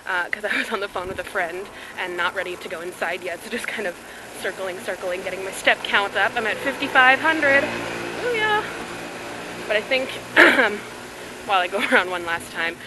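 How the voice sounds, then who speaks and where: A woman's voice: mid-range voice, lively intonation, normal speed, background noise. A woman chatting casually in a diary vlog, rambling with filler words and poking fun at herself, first outdoors and then at home. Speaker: vlogger.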